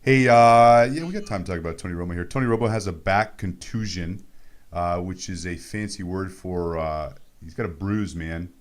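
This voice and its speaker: A man's voice: low voice, moderate pace. A Canadian man hosting a fantasy sports radio show in a playful, casual chat full of goofy tangents.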